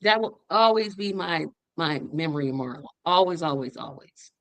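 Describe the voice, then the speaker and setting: A woman hosting a memorial livestream, telling stories with animated, rising quotes. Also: moderate pace, dry recording. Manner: animated storytelling, voice jumps high when quoting. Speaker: podcast host. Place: online stream.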